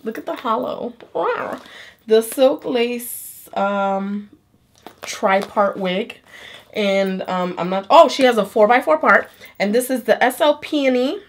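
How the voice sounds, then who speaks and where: A woman's voice: a little high, slow pace. A woman reviewing a wig for her channel in a chatty, playful way, sounding nasal while sick with a fever. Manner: chatty, playful, swears casually. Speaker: beauty vlogger.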